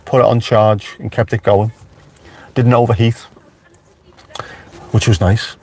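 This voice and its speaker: A man's voice: lowish voice, flat delivery, a little slow, a little mellow, slightly rough. A man with a Liverpool accent, chatting casually on a live stream from inside his car with wry asides to viewers. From Merseyside, England. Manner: chatty, wry, talks back to live chat.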